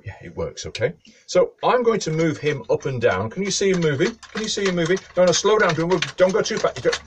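A man's voice: medium pitch, slightly rough. A male storyteller and author telling a children's story and reading a bedtime book in a playful way. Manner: lively, playful, talks straight to children.

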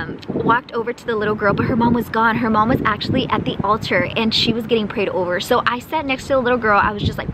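Brief: young woman vlogger, chatty and excitable, a bit high, phone mic with clear background noise. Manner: chatty, excitable, lots of "y'all" and "like". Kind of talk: casual vlog chat to camera.

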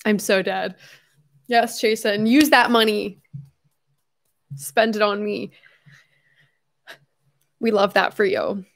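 A young adult woman hosting a casual livestream from home, chatting effusively and reading viewer messages aloud with quick asides and self-corrections. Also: medium pitch, steady tone, gravelly. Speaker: livestream host.

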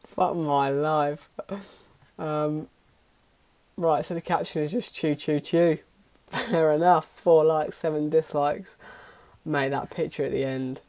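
A man's voice: fairly high pitch, steady tone, takes it slowly, a little mellow. A young man giving casual, self-mocking reaction commentary on his old videos, swearing often. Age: young adult. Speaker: YouTuber.

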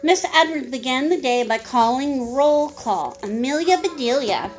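Woman reading aloud to a kid, high, lively and unhurried, chatty asides. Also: noisy background. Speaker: storybook reader.

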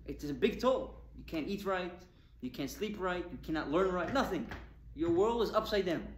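A man's voice: sits high, lively intonation, normal speed, a little hiss or hum. A male rabbi giving a Torah talk, firing rhetorical questions at his audience with emphasis. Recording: echoey room with faint ambience.

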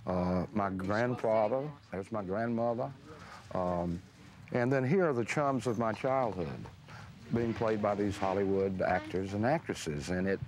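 A middle-aged man, telling memories slowly in an interview, pausing with uh and restarting his sentences. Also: lowish voice, a little mellow, a little hiss or hum. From Mississippi, US. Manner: slow, musing, with frequent uh and restarts. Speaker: author interviewed. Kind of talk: reflective storytelling interview.

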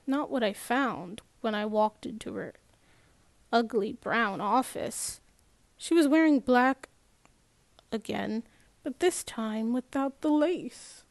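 A woman reading a first-person novel aloud in a measured way, with small restarts and slips. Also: a little high, creaky, dry recording. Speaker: audiobook narrator.

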